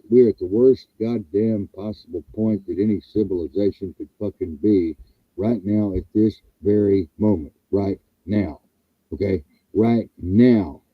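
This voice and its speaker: Raspy man ranting over a muffled phone line. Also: on the low side, no room sound. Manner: angry, profane, emphatic ranting. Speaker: show host. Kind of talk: ranting talk-show monologue.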